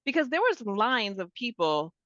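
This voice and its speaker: A woman's voice: on the high side, sing-song, moderate pace, a bit bright, no echo. A middle-aged woman from Maine, co-hosting a travel podcast and chatting animatedly about a cruise. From Maine, USA. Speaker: podcast co-host. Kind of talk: casual travel chat. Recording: dull, dry lo-fi sound.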